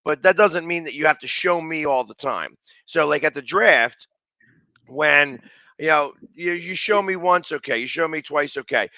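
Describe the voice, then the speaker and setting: A man hosting a sports talk show who talks loudly and rambles, often restarting his sentences. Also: fairly high pitch, moderate pace, no echo. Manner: loud, talkative, rambling with restarts.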